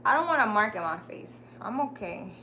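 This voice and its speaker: A woman's voice: mid-range voice, big pitch swings, normal speed, sharp tone, slight background noise. A woman hosting a casual livestream, rambling and chatty as she talks straight to her viewers. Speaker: livestream host.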